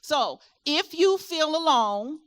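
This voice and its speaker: Middle-aged woman from Virginia with a Southern twang, high-pitched, an animated expo speaker. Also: slow. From Virginia, USA. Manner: animated, asks the audience questions, rising and falling delivery. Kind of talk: motivational talk to a live audience. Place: expo hall with a live audience.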